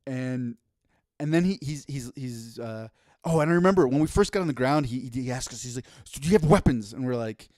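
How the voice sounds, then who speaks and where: A man's voice: medium pitch, a little fast, no room sound, studio quality. A man, telling a story on a podcast with lots of restarts and laughter. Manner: animated, laughing, stammering restarts. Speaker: podcast co-host. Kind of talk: casual storytelling chat.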